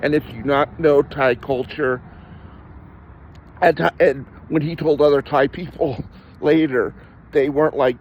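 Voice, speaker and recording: A man's voice: a little high, fairly even intonation, measured pace, pauses often, lo-fi sound. An adult man talking candidly in casual conversation, rambling and self-deprecating, often laughing and restarting his sentences. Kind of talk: candid personal storytelling in conversation.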